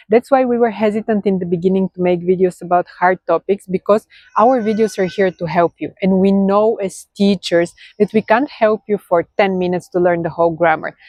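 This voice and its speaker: A woman's voice: medium pitch, darkish tone, no echo. A woman with a Bulgarian accent teaching a grammar lesson in English, patiently checking in with "okay?". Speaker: language teacher.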